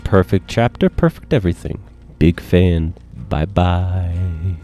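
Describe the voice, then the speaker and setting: A man giving casual gameplay commentary, excitable, profane and joking, with sudden yelps. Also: deep voice, takes it slowly, soft background music. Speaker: gaming commentator.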